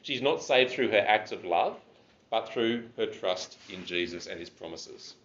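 A man's voice: on the low side, animated, measured pace, fairly bright tone, muffled recording, slight background noise. A man preaching a sermon, explaining scripture verse by verse and stressing key words.

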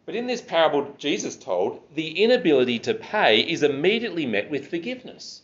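A man's voice: on the high side, very animated, fairly quick, highs cut off. A man preaching a sermon, explaining scripture verse by verse and stressing key words.

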